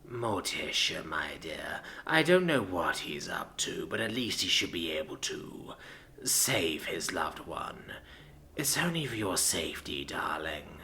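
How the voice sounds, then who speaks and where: A man voicing a gaunt, stern giant of a father in a storybook reading, with a hoarse, whispery voice and slow, grim delivery. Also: low-pitched, very animated, pushed and bright, a little hiss or hum, pitched below the performer's own voice, full character voice. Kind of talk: storybook narration.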